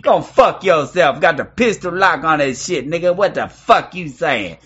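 A man in online voice chat, taunting others and shouting in mock voices. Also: on the high side, lively intonation, normal speed, breathy edge, dull audio. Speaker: voice chat troll.

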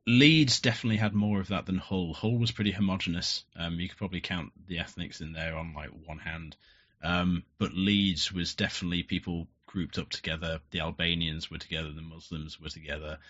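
Blunt guest, very low voice with a forceful edge, muffled lo-fi audio. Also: male voice, fairly even intonation, brisk. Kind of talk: casual interview.

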